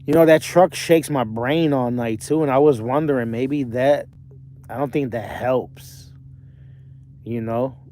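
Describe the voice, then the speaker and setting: A man's voice: medium pitch, unhurried, mellow, slight background noise. A young man livestreaming from his parked truck cab, rambling casually while reading out viewer comments. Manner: rambling, chatty, self-correcting.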